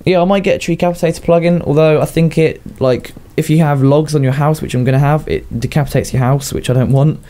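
A man's voice: fairly high pitch, fairly even intonation, fast talker, few pauses, warm tone. A young man with a Southern English accent rambling through casual video game commentary, chatting to himself and laughing at his own jokes. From southern England. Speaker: gaming YouTuber.

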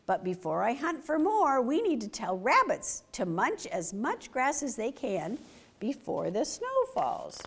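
A woman's voice: a little high, wildly swooping pitch, a little slow, husky, exaggerated voice. A woman voicing a flustered male squirrel in a storybook read-aloud, sounding fretful and dismayed.

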